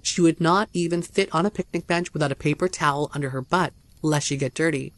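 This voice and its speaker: A man's voice: a little high, a little fast, a bit bright. Man narrating a horror story. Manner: first-person storytelling, tense and dramatic.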